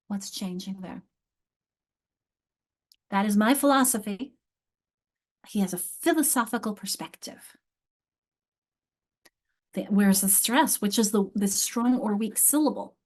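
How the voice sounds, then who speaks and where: Middle-aged lady teaching teachers online, emphatic and upbeat, repeats stuff for emphasis, video call mic. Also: mid-range voice. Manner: enthusiastic, emphatic, repeats key words. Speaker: literacy instructor leading teacher training. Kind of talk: live online workshop teaching.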